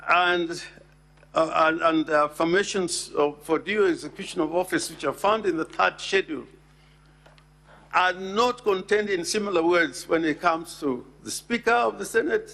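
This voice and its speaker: A man, making a formal legal address to a Senate chamber and deliberately reading out and stressing constitutional text. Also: high-pitched, gravelly, bright, forceful tone. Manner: deliberate, emphatic, reads legal text aloud.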